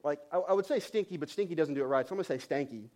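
A man in his thirties preaches a sermon in a noticeably high voice. He tells his story in an animated, self-mocking way, often restarting his phrases. He sounds like a pastor speaking to his congregation. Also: very fast.

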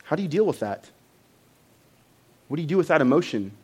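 A man's voice: a little high, big pitch swings, brisk, breathy edge. Emphatic man preaching a sermon. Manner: swings from quiet to loud, emphatic bursts; repeats words and restarts, conversational preaching. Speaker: pastor.

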